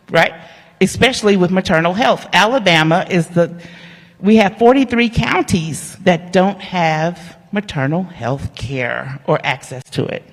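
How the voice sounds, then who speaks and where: A woman, an award honoree giving an animated, humorous storytelling speech that talks straight to the audience. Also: lowish voice, measured pace. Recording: long hall reverb.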